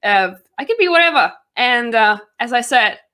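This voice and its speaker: A woman's voice: a little high, expressive, normal speed, pushed and bright, a little hiss or hum. A young woman from Denmark with a Danish accent, a guest giving a chatty self-introduction with frequent laughter.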